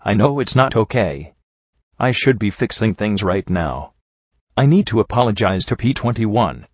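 A man reading the lines of a guilt-ridden, defensive young pony mare from a storybook in a low voice. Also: animated, moderate pace, no room sound. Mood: anguished. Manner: anguished, self-doubting outbursts. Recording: dull lo-fi audio.

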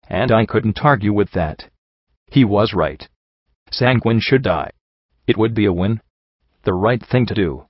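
Guy reading a story aloud, lowish voice, even pace, dry kinda dull recording. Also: moderate pace, no room sound. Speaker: audiobook narrator. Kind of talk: first-person storybook narration.

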